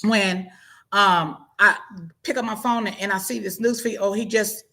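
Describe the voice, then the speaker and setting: A woman's voice: mid-range voice, fairly even intonation, normal speed, sharp tone. A woman in casual talk-show chat, telling a personal story with many restarts and rising emotion.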